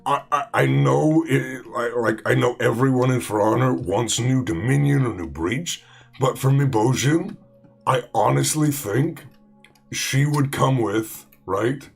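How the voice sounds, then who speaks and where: A man's voice: medium pitch, measured pace, gravelly, breathy edge, soft background music. A man hosting a game let's play, chatting casually in a rambling way full of fillers and restarts. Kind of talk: casual gaming commentary.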